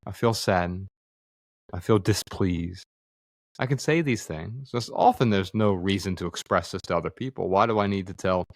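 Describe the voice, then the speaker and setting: Male guest, forties, low voice, dry studio sound, earnest reflective storyteller. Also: no room sound. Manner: earnest, acts out quoted dialogue, frequent fillers. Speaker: podcast guest, author. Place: studio room with others present.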